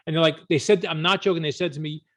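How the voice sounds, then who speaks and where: A man who is an author, a guest on an interview podcast, telling stories in an animated, emphatic way. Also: fairly high pitch, fast talker. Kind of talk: storytelling interview answers.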